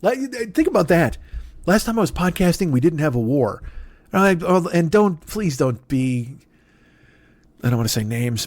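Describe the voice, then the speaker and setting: A man's voice: a little high, normal speed, no echo. Profane ranting podcast comedian man. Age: 40s. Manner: profane, ranting, animated, laughs at own jokes. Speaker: podcast host. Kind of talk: solo comedic monologue.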